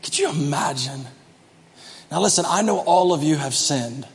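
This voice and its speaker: A man preaching a sermon, acting out the story and swinging from quiet asides to shouted lines. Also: a little high, lively intonation, moderate pace, in a large hall. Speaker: pastor.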